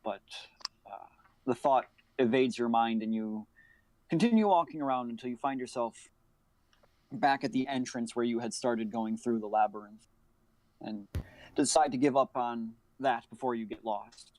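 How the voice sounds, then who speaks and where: Man, game master narration, tabletop game, medium pitch, dry close mic, halting descriptive delivery. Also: a little mellow, dry recording. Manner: descriptive, hesitant with fillers.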